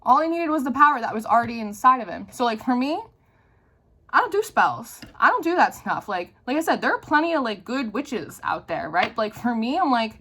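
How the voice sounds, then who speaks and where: A young woman with a bright, fairly high voice, talking loosely to her audience about spiritual matters. She is lively and blunt, swears freely and fills her speech with "like". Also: brisk, slightly rough. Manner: animated, swearing, many "like" fillers. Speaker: tarot reader. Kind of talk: casual spiritual talk to camera.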